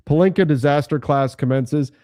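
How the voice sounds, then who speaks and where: A man's voice: a little high, moderate pace, dark tone, no echo, clean studio sound. A man co-hosting a live basketball draft show, chatting casually and laughing often. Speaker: podcast co-host.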